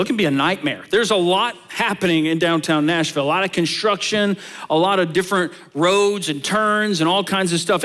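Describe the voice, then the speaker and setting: A man preaching a sermon as pastor, talking to the congregation in a conversational way, asking rhetorical questions and telling lively stories. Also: high-pitched. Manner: animated storytelling.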